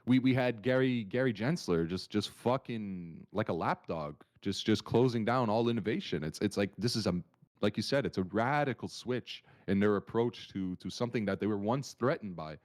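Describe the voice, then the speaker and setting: A man co-hosting a market analysis livestream, talking in an animated, rambling way with many restarts. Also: on the low side, moderate pace. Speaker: market analyst stream co-host. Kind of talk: casual livestream chat.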